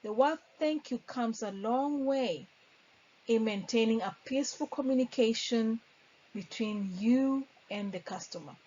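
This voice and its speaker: A woman's voice: a little high, measured pace, mellow, dull audio. A woman giving an earnest customer service lesson and acting out sample phone lines. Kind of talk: instructional talk.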